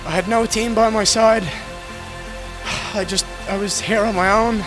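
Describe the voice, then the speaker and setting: A man's voice: high-pitched, steady tone, slow, over music. A young Irish man in his twenties, a fighter giving an emotional, heartfelt post-fight interview full of swearing. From Ireland. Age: 20s.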